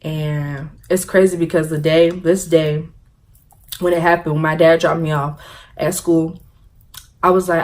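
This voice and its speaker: Young woman, vlogger, low-ish voice, animated storyteller who laughs at her own jokes. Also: moderate pace. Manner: animated, laughing, acts out quotes. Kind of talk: story time vlog.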